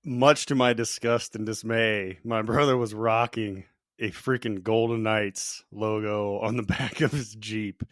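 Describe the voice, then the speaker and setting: A man's voice: on the low side, steady tone, unhurried, no room sound, clean studio sound. A man on a podcast telling a prank story in a mock-solemn tone, laughing as he goes. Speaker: podcast co-host. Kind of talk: casual podcast banter.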